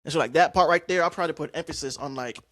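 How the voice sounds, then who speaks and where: Young guy rambling on his podcast, slangy and animated, dry mic. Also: a little high, rapid-fire, no echo. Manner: animated, acts out scene lines, slangy. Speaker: podcast host. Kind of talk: casual podcast storytelling.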